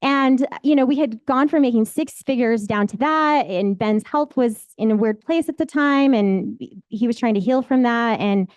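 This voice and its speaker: A woman in her forties tells her life story with candid, rambling emotion. Her voice sits a little high, and the sound is dry and close, with no room around it. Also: moderate pace, hardly any pauses, a little mellow, clear, resonant tone, no echo, lo-fi sound. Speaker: real estate agent. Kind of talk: personal storytelling.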